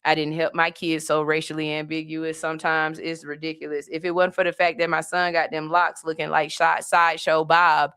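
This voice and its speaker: A woman hosting a podcast, telling stories in a casual, animated way with frequent laughs. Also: low voice, brisk, hardly any pauses, clear, resonant tone, dry recording, studio quality. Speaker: podcast host. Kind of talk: casual comedic chat.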